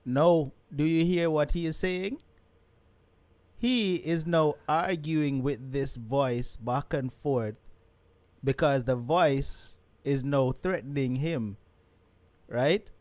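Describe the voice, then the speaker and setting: A man's voice: fairly high pitch, slow pace, a little mellow, no echo. Emphatic male talk show host. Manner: emphatic, addresses listeners directly.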